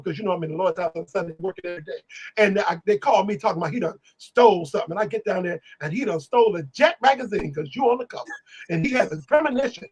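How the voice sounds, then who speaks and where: A man telling animated stories on a live stream, acting out the people he quotes. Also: high voice, slightly rough, low-quality recording. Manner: lively, talks over himself, acts out quotes.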